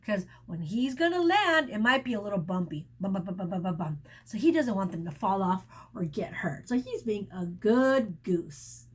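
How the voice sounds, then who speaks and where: Animated, breathy woman teacher reading aloud. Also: medium pitch. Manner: pauses to explain words to children; animated, sound effects and asides. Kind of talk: reading a picture book aloud to children.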